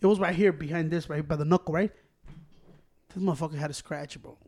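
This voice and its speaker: High-voiced man telling a profane story. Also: quick pace. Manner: profane, animated, acts out quotes. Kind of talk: casual storytelling among friends.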